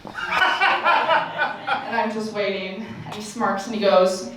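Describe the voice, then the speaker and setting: A woman's voice: medium pitch, lively intonation, slow pace, background noise. A young woman doing a stand-up comedy set, telling stories in a sarcastic, playful way. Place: campus forum room with audience. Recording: echoey room from far off. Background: audience laughter.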